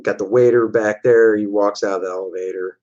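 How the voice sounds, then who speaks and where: A man streaming a casual look back at his own comic pages, with relaxed, rambling commentary and answers to chat questions. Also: on the low side, fairly quick, lo-fi sound. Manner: relaxed, rambling, acts out panel dialogue in silly voices.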